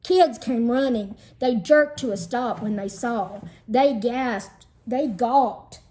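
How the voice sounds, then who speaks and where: High-voiced woman reading a story aloud. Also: slow. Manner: lively storytelling, shifts into character voices. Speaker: teacher reading a children's book aloud. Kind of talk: expressive read-aloud narration.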